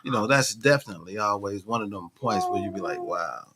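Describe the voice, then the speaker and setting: A man's voice: on the low side, lively intonation, a little fast, very noisy. A man co-hosting a talk show in a laid-back, rambling way, often restarting his sentences. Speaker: co-host. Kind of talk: casual talk show chat.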